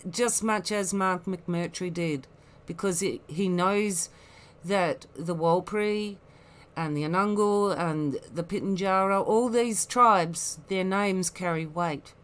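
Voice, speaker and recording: A woman giving rambling, critical commentary, full of asides and scorn. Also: on the low side. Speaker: online commentator.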